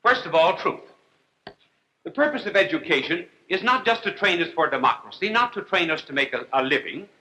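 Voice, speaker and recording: Very bright-voiced priest giving a wry lecture. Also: male voice, a little high, animated, a little hiss or hum, rough recording. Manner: wry, deliberate, with long pauses and dry jokes. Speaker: priest and TV host. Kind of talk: humorous televised lecture.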